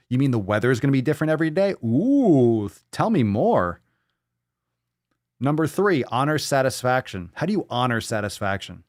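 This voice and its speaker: A man's voice: mid-range voice, expressive, fast, no echo, clean studio sound. Profane sarcastic male podcast host. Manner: sarcastic, profane, jumps into silly voices. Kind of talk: casual live show banter.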